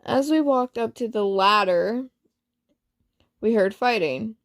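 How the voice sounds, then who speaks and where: A woman's voice: on the high side, expressive, slow. A woman casually reading aloud a story she wrote, swearing freely and breaking off into chatty asides and self-corrections. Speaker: amateur storyteller reading her own story.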